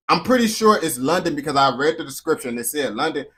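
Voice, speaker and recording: An American man hosting a reaction video, talking in a slangy, profane, animated way. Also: fairly high pitch, quick pace, few pauses, husky. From United States. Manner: slangy, animated, swears constantly. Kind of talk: profane casual reaction commentary.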